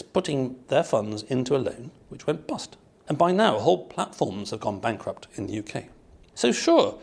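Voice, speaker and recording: Dry-humored guy hosting a finance podcast, bit of gravel in his voice, rambles and muses out loud. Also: medium pitch. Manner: wry, discursive, musing aloud. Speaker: podcast host. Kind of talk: scripted intro then casual interview chat. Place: meeting room in London.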